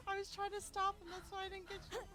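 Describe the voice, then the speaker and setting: Very high-pitched giggly woman. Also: steady tone, a little fast, music in the background. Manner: giggly, laughs between lines. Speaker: co-player. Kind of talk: casual chat while gaming.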